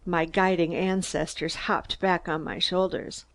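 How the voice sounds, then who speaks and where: Calm woman audiobook narrator from Minnesota. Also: fairly low pitch, measured pace, few pauses. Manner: calm, even reading. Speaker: audiobook reader.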